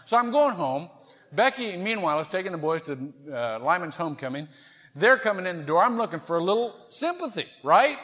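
Animated middle-aged preacher in a reverberant sanctuary. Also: male voice, high voice, a little fast. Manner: animated, self-mocking storytelling. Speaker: pastor. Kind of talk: sermon. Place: large church sanctuary.

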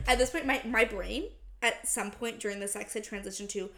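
A young woman co-hosting a chatty podcast, her voice sitting a bit high. She tells a personal story candidly, laughing often and acting out the lines of the people in it. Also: brisk, fairly bright tone. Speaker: podcast co-host. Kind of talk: casual chat.

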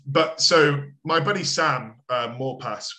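A man's voice: a little high, takes it slowly, pushed and bright. A man, a coach chatting as an interview guest, rambling with lots of filler words and casual swearing. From United Kingdom.

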